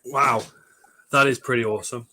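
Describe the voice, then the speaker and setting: A man's voice: medium pitch, moderate pace, no echo. Laid-back man hosting a stream. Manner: short, relaxed replies. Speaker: host. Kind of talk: casual live-stream chat.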